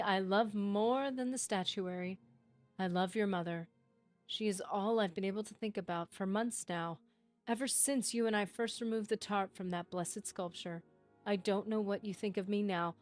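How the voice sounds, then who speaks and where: A woman's voice: medium pitch, fairly even intonation, moderate pace, soft background music, natural voice. A woman doing an obsessive lovesick mage. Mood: pleading. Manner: pleading, rising into a rant. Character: lovesick male mage scholar, obsessive, desperate. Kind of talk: reading a game book aloud.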